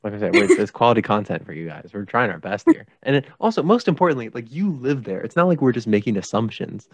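A man's voice: medium pitch, very animated, fast, no room sound. A male podcast host chatting casually, joking and laughing as he rambles. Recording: dull lo-fi dry podcast mic.

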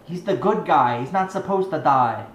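A man's voice: fairly high pitch, expressive, normal speed, dull audio, a little hiss or hum. A man giving a profane, rambling movie review rant, exasperated and swearing constantly. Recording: echoey room with faint ambience.

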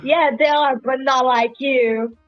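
A woman's voice: sits high, steady tone, slow pace, soft background music. A woman chatting flirtatiously over a video call, giggling often. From Brazil. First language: Portuguese. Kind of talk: casual video chat. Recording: dull lo-fi call audio.

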